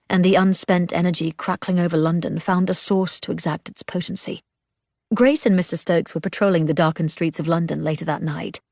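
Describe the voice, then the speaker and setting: Husky, gravelly woman narrating. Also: fairly low pitch, darkish tone, no room sound, studio quality. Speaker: audiobook narrator. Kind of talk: scripted narration.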